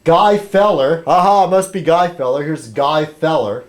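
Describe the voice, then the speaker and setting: A man's voice: fairly high pitch, a little slow. A man rambling casually on a webcam vlog, chatty and full of ums and restarts. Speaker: video blogger.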